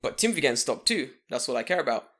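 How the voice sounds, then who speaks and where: A man's voice: medium pitch, racing. Guy in his 20s on a podcast, swears a lot, voice all over the place when he gets going. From London, England. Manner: animated, swearing, acts out mocking voices. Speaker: podcast co-host. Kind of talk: casual chat.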